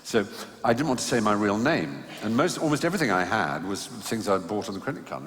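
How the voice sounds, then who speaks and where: A man telling self-mocking anecdotes on a theatre stage in a wry, halting way. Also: fairly low pitch, sing-song, fairly bright tone. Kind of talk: live storytelling conversation. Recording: echoey hall, live venue ambience.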